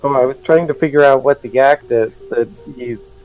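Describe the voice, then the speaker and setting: Man, tabletop player, hesitant, clears throat, faint music. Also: medium pitch, moderate pace, a little mellow, lo-fi sound. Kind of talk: tabletop role-play chat.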